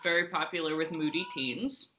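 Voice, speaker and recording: A woman's voice: low-pitched, moderate pace, fairly bright tone, a little hiss or hum. A woman co-hosting a podcast in casual chat, wry and articulate, with dry asides. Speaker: podcast co-host.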